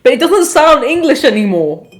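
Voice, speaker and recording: A woman's voice: high-pitched, very animated, moderate pace. A young woman co-hosting a casual podcast chat, rambling along with lots of "like" fillers. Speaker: podcast co-host.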